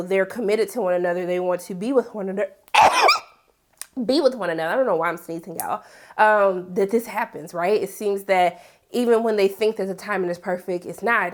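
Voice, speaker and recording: A woman talking casually as she recaps a TV episode, animated and sassy, with big incredulous jumps in pitch and asides like "honey.". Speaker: TV recap vlogger. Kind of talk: casual chat.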